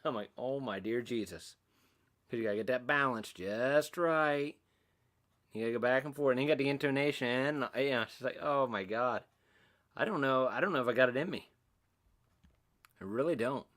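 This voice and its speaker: A man's voice: mid-range voice, brisk, pauses often, a bit bright. Rambling middle-aged man chatting on a livestream. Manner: rambling, self-mocking, reads and answers chat comments. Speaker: livestream host. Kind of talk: casual livestream chat.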